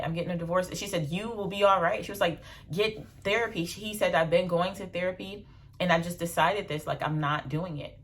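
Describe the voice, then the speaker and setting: A young adult woman, telling stories in a blunt, animated casual vlog with slang and swearing. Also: lowish voice. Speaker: vlogger.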